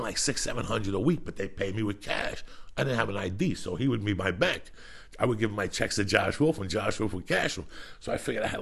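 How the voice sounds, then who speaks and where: A man's voice: fairly low pitch, gravelly, a bit bright, slightly rough. A man hosting a podcast, telling rambling, profane stories in casual chat. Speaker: podcast host.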